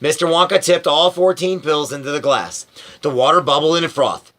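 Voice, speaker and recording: A man reading a storybook aloud as a parent, in lively storytelling narration. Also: a little high, moderate pace.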